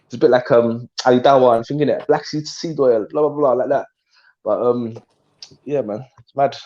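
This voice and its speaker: A man's voice: mid-range voice, steady tone, normal speed, mellow. Slangy man, dull lo-fi audio. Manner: slangy, rambling, trails off. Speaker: live stream host. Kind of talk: casual live chat.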